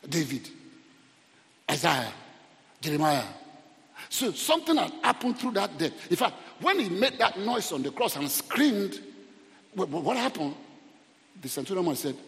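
Male pastor, high and animated sermon delivery with a gravelly texture; long hall reverb. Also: normal speed, long pauses. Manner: animated preaching, shouting at peaks, call-and-response.

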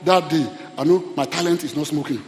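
A man preaching a sermon, pleading with his congregation in an animated way. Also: on the high side, a little fast. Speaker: pastor. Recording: echoey hall reverb.

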